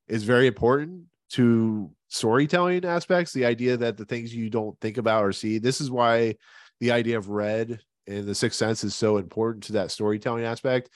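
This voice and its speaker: A man's voice: medium pitch, no room sound, studio quality. A man hosting a casual podcast, retelling a TV episode's plot in a rambling, joking way. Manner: rambling, jokey, retells the plot with quick asides. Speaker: podcast host.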